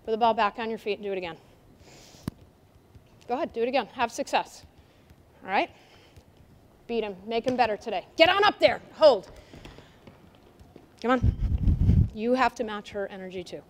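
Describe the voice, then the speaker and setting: A woman soccer coach running a drill at a clinic, giving directions and quizzing the players in a lively, energetic way. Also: on the high side, normal speed, pauses often. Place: indoor gym. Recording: long reverb of a gym hall.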